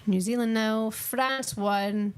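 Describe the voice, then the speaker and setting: A woman's voice: a little high, fairly even intonation, slow pace, smooth. A young woman chatting casually with her viewers on a live stream while she watches a football match and answers their comments.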